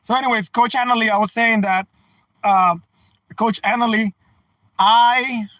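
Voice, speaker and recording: A man with a fairly high-pitched voice, talking casually to his livestream viewers from a car. He rambles and repeats himself in an earnest, folksy, slangy way. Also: fairly even intonation, unhurried, a bit bright, dry recording, rough recording. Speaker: live streamer. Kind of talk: casual livestream chat, reading out viewer comments. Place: in a car while driving.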